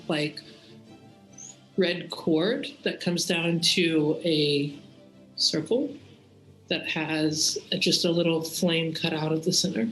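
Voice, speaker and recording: A game master describes a dreamlike scene in slow, vivid detail. The voice sits at a middle pitch and echoes in a roomy space, with faint music underneath. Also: fairly bright tone. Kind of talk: tabletop game narration. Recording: roomy echo.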